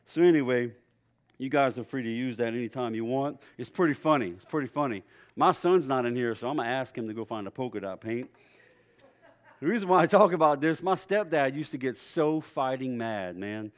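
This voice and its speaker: A middle-aged man preaching a sermon in a conversational storytelling way, with lively swings in his voice. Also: medium pitch, brisk. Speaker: pastor.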